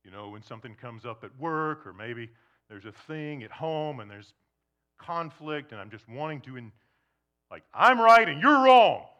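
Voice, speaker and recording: Male pastor, sermon: bright, lively delivery, leans in quietly for emphasis. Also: mid-range voice, normal speed, lo-fi sound. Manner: conversational, animated, swings to soft intense emphasis. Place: church before a congregation.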